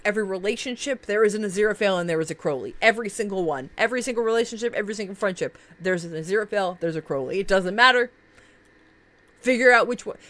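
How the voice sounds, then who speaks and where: A woman's voice: mid-range voice, fairly bright tone. A woman streaming live in a casual chat, gushing about favorite characters, laughing often and swearing freely.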